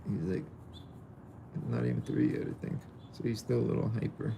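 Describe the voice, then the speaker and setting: Male vlogger, gravelly voice, lively pitch, playful casual chat outdoors. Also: moderate pace, noisy background. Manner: playful, talks to the dog. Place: outdoors with a dog.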